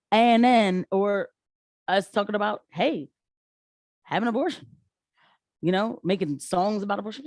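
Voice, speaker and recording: A woman giving casual political commentary on her channel, animated and rising in pitch when she gets riled. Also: no echo, studio quality.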